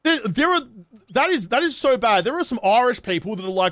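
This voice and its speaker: A young Australian man streams a game and riffs with his chat, swearing freely and rambling sarcastically. His voice sits high for a man, and the sound is close and dry with no room around it. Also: expressive, a little fast, a bit bright, no echo. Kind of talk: casual gameplay livestream chat.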